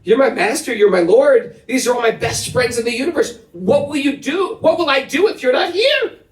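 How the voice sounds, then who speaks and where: A young devoted woman, tearful and imploring, as a man telling the story puts her on. Her voice rides high and swings widely. The sound is roomy and caught from some way off. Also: animated, normal speed. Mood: pleading. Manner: high pleading voice, emotional. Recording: roomy, from a distance.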